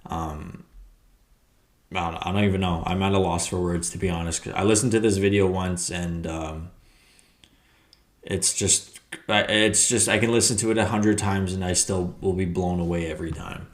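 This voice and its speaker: A man hosting a reaction video, commenting casually and haltingly, often searching for words. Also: sits low, fairly even intonation.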